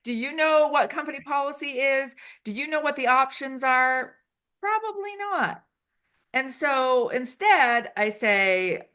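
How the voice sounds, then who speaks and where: A woman consultant being interviewed, chatty and animated, acting out quoted lines as she explains. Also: sits high, unhurried. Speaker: HR consultant and improv performer. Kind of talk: casual interview answers. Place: Switzerland.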